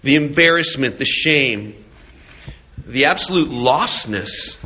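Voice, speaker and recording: A man's voice: mid-range voice, lively intonation, takes it slowly, bright, forceful tone. A man preaching a sermon, telling a story with animation and asking rhetorical questions. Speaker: pastor.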